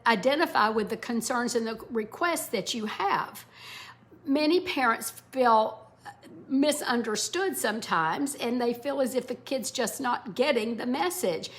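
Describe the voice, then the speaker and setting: A middle-aged woman, a former English teacher, explaining parenting skills to parents in a warm, explanatory way. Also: a little high. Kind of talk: instructional talk to parents.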